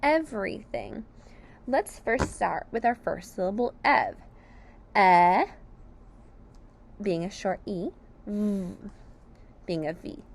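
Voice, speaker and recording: A woman teacher slowly sounding out sight words, syllable by syllable, for young children. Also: medium pitch, animated, a little mellow, a little hiss or hum. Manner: clear, deliberate sounding out of each letter. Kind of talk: slow phonics lesson.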